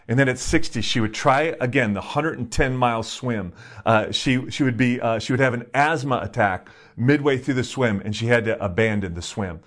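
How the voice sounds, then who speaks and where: A man preaching a sermon in a conversational, emphatic way, telling stories with sudden jumps in pitch. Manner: animated, emphatic storytelling with sudden rises in pitch; conversational, with fillers and restarts. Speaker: pastor.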